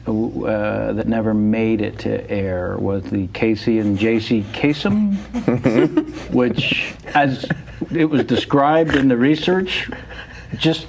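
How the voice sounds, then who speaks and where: Slow gravelly host guy, lowish voice, noisy clicky audio. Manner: slow, gravelly, prompting the guest. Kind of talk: casual interview chat.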